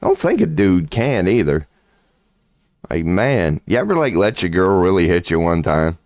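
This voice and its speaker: Deep-voiced swaggering man, dry sound. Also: sing-song, moderate pace, darkish tone, dry recording. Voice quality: crude, swaggering, profanity-laced talk. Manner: laughs often mid-sentence. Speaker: channel host. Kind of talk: casual rambling monologue.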